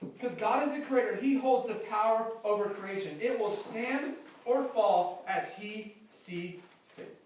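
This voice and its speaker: A man preaching a sermon as pastor, animated and playful, acting out quotes with humor. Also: high voice, a little slow. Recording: distant mic, very echoey hall, faint noise.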